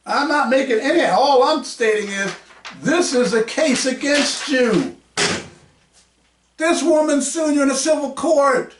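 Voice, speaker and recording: A man hosting his own podcast, combative and mocking, raising his voice to a shout as he rants. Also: very high voice, measured pace, noisy background. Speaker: podcast host. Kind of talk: heated podcast rant. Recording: roomy echo, mic at a distance.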